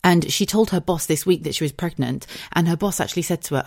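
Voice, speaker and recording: A woman in her thirties from Cheshire in England with an English accent, hosting a solo podcast in a chatty, animated way and swearing freely. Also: fairly low pitch, fast talker, vocal fry, hardly any pauses. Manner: chatty, swears freely, animated storytelling with put-on quoted voices. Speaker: podcast host.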